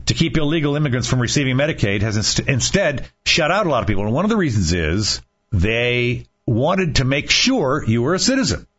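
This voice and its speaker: A man's voice: mid-range voice, a bit bright. A man hosting a casual talk radio show, rambling and joking with frequent restarts, on a muffled lo-fi broadcast. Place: radio studio in Florida.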